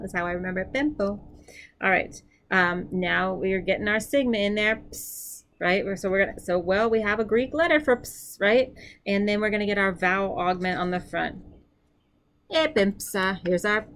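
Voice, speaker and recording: A woman's voice: fairly low pitch, fairly bright tone. A woman teaching a vocabulary lesson, repeating each word for the learner and chatting casually as she corrects herself. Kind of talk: drill-style vocabulary lesson.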